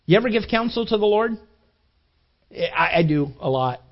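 Male pastor, high voice, lively storytelling sermon, dull lo-fi recording. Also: normal speed. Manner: animated storytelling, acting out quoted voices, repeated restarts.

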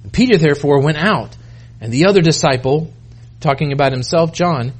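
High-voiced man preaching casually. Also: expressive, fairly quick, husky. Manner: conversational, self-interrupting, acts out quoted voices. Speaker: pastor. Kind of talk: sermon.

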